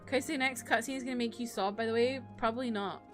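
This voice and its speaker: A woman's voice: on the high side, steady tone, quick pace, fairly bright tone, faint music behind. Chatty, sarcastic young woman streamer. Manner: chatty and sarcastic, ranting with frequent laughs. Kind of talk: casual live-stream chat while gaming.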